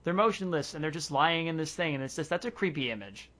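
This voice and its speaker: A man's voice: a little high, expressive, fast talker, fairly bright tone. A man co-hosting a podcast, chatting casually and playfully while laughing often. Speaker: podcast co-host. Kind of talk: casual chat.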